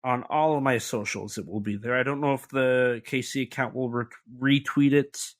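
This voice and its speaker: A man co-hosting a podcast in casual chat, rambling and jumping up in pitch when surprised. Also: moderate pace. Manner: rambling, animated pitch jumps. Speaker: podcast co-host.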